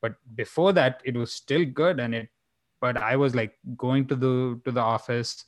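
Young male comic from India, casual chat, mid-pitched, rambling, dry booth sound. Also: normal speed, no echo. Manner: rambling, with many fillers and restarts. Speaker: stand-up comedian and podcast guest.

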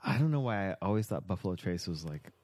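A man's voice: sits low, fast, no echo. A man co-hosting a podcast, chatting casually over drinks and laughing easily. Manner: relaxed, laughs often. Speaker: podcast co-host.

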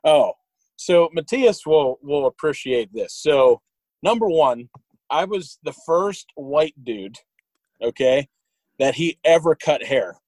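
A young man with a slightly high voice talks through old memories in a loose, rambling way and chuckles as he goes. The sound is close and dry, with no room around it. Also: animated, slow pace, no echo, poor audio. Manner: rambling, warm, chuckles while telling stories. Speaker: guest sharing memories. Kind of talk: casual storytelling.

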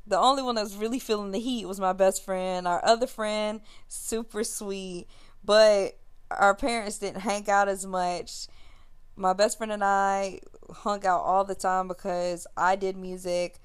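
A woman's voice: mid-range voice, measured pace, smooth. A young woman host casually telling a funny teenage story, acting out the people in it and laughing along. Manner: animated, acts out quotes, laughs while telling. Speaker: podcast host.

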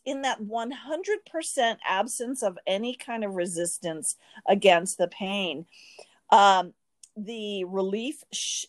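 Animated woman telling a story. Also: fairly high pitch, dry recording. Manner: animated storyteller, restarts and self-interrupts. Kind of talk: casual conversation.

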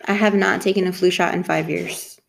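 Low-voiced young woman, teasing chat. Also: fairly even intonation, fairly quick, vocal fry. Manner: laughing, filler-heavy, teasing. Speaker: podcast co-host. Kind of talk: casual chat.

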